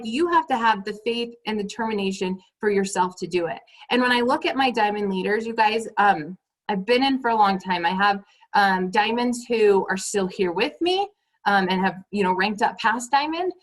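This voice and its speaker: A woman's voice: medium pitch, moderate pace, low-quality recording. A woman leading her sales team on a motivational call. She talks emphatically, repeats her points and keeps turning to the listeners as "you guys".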